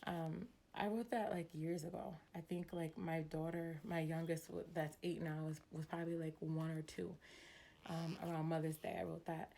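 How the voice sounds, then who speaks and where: A woman in her thirties talking casually and emotionally about parenting, hesitant and soft, full of "like" fillers. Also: sits low, flat delivery, moderate pace, creaky, a little hiss or hum. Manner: heartfelt, hesitant, many "like" fillers; soft-spoken with sighs. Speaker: mother vlogging about parenting. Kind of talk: casual emotional confessional talk.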